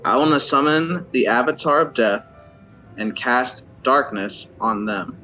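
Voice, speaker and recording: A man's voice: medium pitch, unhurried, pushed and bright, soft background music, rough recording. A man playing in a tabletop role-playing game, speaking casually and hesitantly with lots of fillers. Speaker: player.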